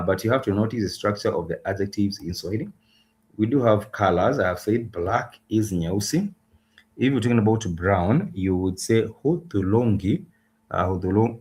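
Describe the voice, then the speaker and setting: Deep-voiced man teaching a language. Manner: patient, repetitive, many uh fillers. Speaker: Swahili teacher. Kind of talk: livestreamed language lesson.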